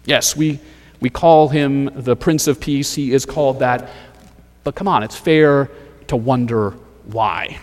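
A man preaching a sermon as pastor, measured and rhetorical, building points through repeated phrases. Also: mid-range voice, big-room sound.

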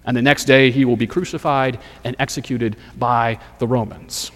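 A man preaching a sermon as pastor, measured and rhetorical, building points through repeated phrases. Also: medium pitch, steady tone, long reverb tail.

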